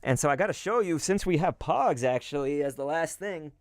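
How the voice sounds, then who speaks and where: Rambling, lively-voiced male card-opening host. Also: on the high side, fairly quick, no echo, clean studio sound. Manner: rambling and nostalgic, with many fillers and asides to viewers. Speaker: YouTube host opening collectible cards. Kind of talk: casual chat.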